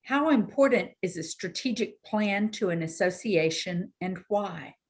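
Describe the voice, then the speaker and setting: A woman moderating candidate speeches, reading questions in a measured, procedural way. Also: mid-range voice, expressive, slightly rough. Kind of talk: formal moderation.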